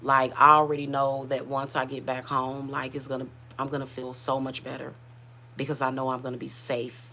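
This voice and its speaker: A woman's voice: very deep voice, completely flat delivery, a little fast, pushed and bright, slight background noise. A woman who hosts a spiritual reading channel, speaking in casual, emotional livestream chat with many restarts. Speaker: spiritual reader and channel host.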